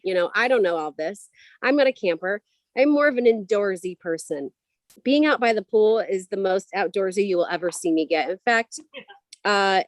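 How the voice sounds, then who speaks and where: A woman's voice: mid-range voice, no room sound. A woman in her thirties co-hosting a casual livestream, chatting and telling family stories. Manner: chatty storytelling, quick asides. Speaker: co-host.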